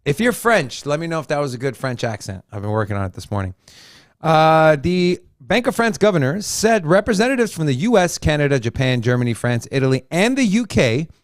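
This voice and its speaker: A man's voice: fairly high pitch, big pitch swings, fairly quick, dry recording, clean studio sound. A man co-hosting a casual crypto chat, joking and teasing as he lays out his opinions. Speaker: co-host.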